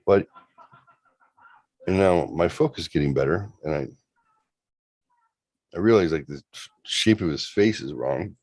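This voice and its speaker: A man's voice: sits low, measured pace, long pauses, a little mellow, dry recording. A man in his forties casually telling a long story on a livestream, loose and profane, with lots of rambling asides. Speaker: show host.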